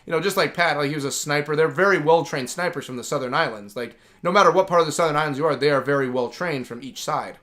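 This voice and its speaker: Hardly pausing, this man speaks quickly in a fairly high, fairly bright voice while hosting a gaming livestream. He chats in a rambling, enthusiastic, casual way, saying "like" a lot.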